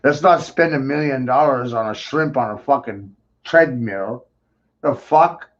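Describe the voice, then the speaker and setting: A man's voice: medium pitch, measured pace. Swearing ranting man, lo-fi sound. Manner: crude, swearing, mocking rants with sudden loud outbursts. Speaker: show host. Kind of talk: profane ranting talk show.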